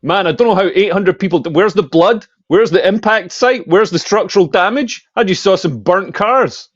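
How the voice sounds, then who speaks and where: Brief: man, high voice, blunt provocative delivery, dull mic. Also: moderate pace, no echo. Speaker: podcast co-host. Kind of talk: heated casual banter.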